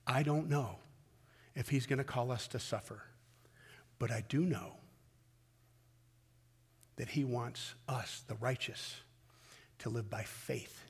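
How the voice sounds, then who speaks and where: A man preaching a sermon as pastor, swinging from loud emphatic peaks down to low, intimate pleading. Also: slow pace, pauses often, slightly rough, big-room sound. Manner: impassioned, rising to loud peaks then dropping low and intimate.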